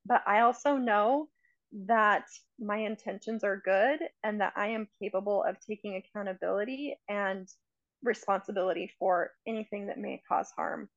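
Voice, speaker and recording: A woman's voice: mid-range voice, normal speed, no room sound. A woman in casual conversation, talking earnestly and reflectively as a coach, giving everyday examples. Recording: dry, dull lo-fi sound.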